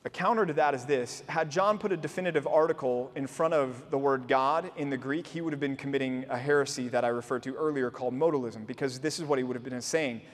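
A man's voice: mid-range voice, fast, hardly any pauses. A man preaching a sermon as pastor, explaining earnestly and posing rhetorical questions to his listeners. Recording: long hall reverb.

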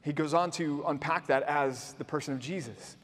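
A man's voice: fairly high pitch, normal speed, fairly bright tone. A man preaching a sermon as pastor, explaining earnestly and posing rhetorical questions to his listeners. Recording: long hall reverb.

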